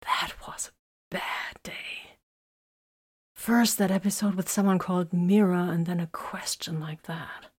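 A woman voicing an exhausted, wounded female warrior in a whispered role-play, speaking softly with quiet teasing. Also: on the low side, steady tone, normal speed, hardly any pauses, breathy edge. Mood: weary. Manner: soft, weary, quietly teasing.

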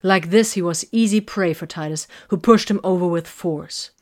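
A woman reading a story aloud in a steady, measured narration. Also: on the low side. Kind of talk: audiobook reading of fan fiction.

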